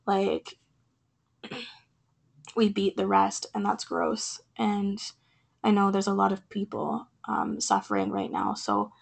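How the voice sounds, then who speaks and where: A woman hosting her own podcast, talking earnestly with many fillers, her voice raspy from being sick. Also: medium pitch, expressive, slow, pauses often. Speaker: podcast host. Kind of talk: casual podcast talk and poetry reading.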